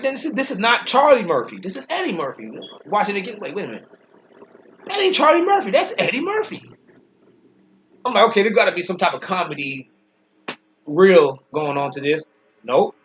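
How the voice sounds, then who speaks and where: A man with a fairly high voice gives an informal scripture commentary. He speaks emphatically, stumbles over and repeats words, and slows to a deliberate pace when reading verses. The recording is dull and lo-fi, with faint music underneath. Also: sharp tone. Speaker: Bible teacher.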